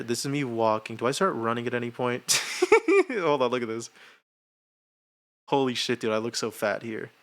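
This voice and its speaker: A man's voice: medium pitch, fairly bright tone. A young man streamer chatting casually and self-mockingly in a rambling way, laughing often. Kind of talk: casual livestream chat.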